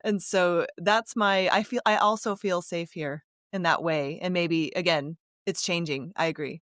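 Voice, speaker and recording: A woman from the United States hosting a conversational interview, an attentive listener who gets animated telling her own stories. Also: fairly low pitch, a little slow, no room sound, clean studio sound. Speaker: podcast host.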